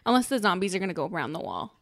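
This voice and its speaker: A woman's voice: on the low side, very animated, racing, dry recording. Woman gabbing about a show episode, laughs a lot, dry close sound. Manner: laughs often, acts out her own reactions. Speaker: podcast co-host recapping a TV episode. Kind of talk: casual chat.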